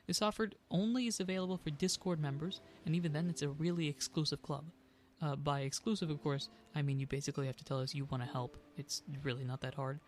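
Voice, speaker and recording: A man's voice: fairly high pitch, a little hiss or hum. A man running a tabletop game as game master, talking casually with fillers. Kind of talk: tabletop game narration and podcast outro.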